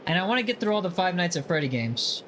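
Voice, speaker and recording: A man hosting a relaxed gaming livestream, chatting casually and teasing viewers as he reads their messages aloud. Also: sits high, quick pace, a little hiss or hum. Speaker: livestream host. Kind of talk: casual chat while gaming.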